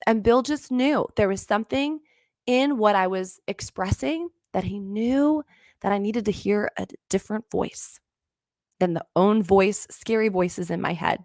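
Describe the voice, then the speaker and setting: A woman's voice: medium pitch, no echo. A middle-aged woman hosting a faith-based podcast, telling stories earnestly and acting out her own past lines. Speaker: podcast host and business coach.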